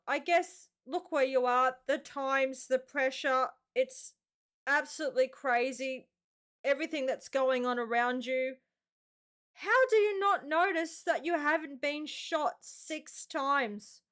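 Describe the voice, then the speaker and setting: Excitable Australian woman, reaction host, pitched very high; chatty and exclamatory. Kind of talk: casual reaction commentary.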